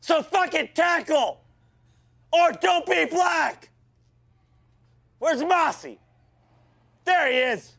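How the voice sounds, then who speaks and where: An actor playing a foul-mouthed, abusive male football coach who shouts and berates his team in a comedic rant. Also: very high voice, lively intonation, slow pace, vocal fry, pauses often, exaggerated voice. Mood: yelling, berating.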